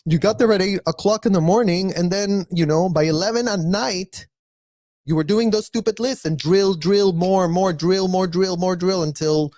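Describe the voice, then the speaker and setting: A man giving casual, blunt reaction commentary, animated and mocking, with mild profanity. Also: sits high, normal speed, no echo, clean studio sound. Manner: animated, mocking, mimics others in exaggerated voices. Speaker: live reaction streamer.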